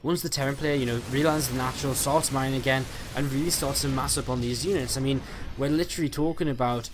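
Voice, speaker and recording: A male esports caster calls a live strategy match over a headset mic, his words tumbling out quickly at a mid-range pitch. His play-by-play is peppered with "uh" and "I mean" fillers, with faint ambience underneath. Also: fairly even intonation, noisy background. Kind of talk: live game commentary.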